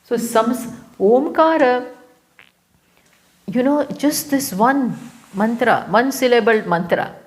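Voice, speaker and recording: A woman with an Indian English accent giving a live scripture lecture as a spiritual teacher, unhurried and repeating key phrases for emphasis. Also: a little high. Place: live talk venue.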